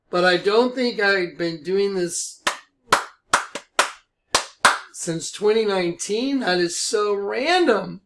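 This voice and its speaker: Guy ranting excitedly over his screen, high bright voice. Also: slow, long pauses, a little hiss or hum. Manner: animated and preachy, often laughing. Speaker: online video host.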